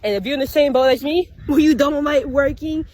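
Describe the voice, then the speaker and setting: A woman's voice: high-pitched, fairly quick, darkish tone, a little hiss or hum. A woman giving an earnest, encouraging motivational talk in a casual, slangy way. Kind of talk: motivational vlog.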